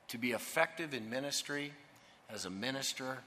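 A man preaching a sermon in a forceful, bright voice that rings through a large hall with a long reverb. He drives his points home with emphasis and keeps asking the congregation to finish his phrases. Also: medium pitch, a little fast. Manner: emphatic, asks the congregation to fill in words.

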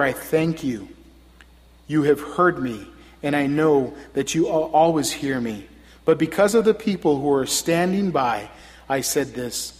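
An earnest male preacher delivering a sermon, his slightly raised voice surging into loud, emphatic peaks. Long reverb trails after each phrase, as if he stands in a large hall. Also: on the high side.

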